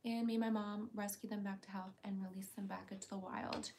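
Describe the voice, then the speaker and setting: Her voice is brisk, level and darkish in tone as she hosts a casual livestream. She reads viewer comments out in a chatty, playful way and shifts to a high baby voice to call her cat.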